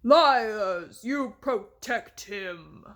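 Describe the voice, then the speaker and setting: A monstrous, bellowing giant, full of menace, who growls slow threats at a panicked crowd in a storybook reading, put on by a woman. The voice sits somewhat high for such a creature and pushes hard with volume. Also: expressive, fairly bright tone, exaggerated voice. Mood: menacing.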